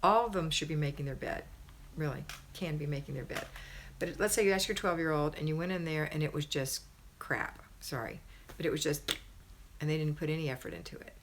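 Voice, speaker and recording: A woman's voice: low voice, a little fast, a little hiss or hum. A middle-aged woman hosting a live stream, giving homemaking advice in an emphatic, conversational way and often asking "right?".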